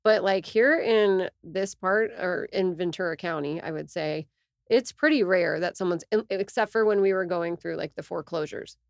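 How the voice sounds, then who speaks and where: A woman co-hosting a podcast, talking casually and quoting people with animated asides. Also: lowish voice, moderate pace, gravelly, no room sound, studio quality. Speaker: co-host realtor.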